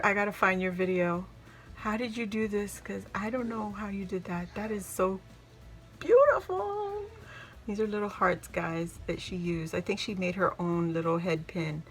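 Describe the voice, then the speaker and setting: A woman vlogger from Hawaii excitedly unboxing handmade craft mail, gushing and exclaiming over each piece. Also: on the low side. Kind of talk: casual unboxing chat. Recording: music playing in the background.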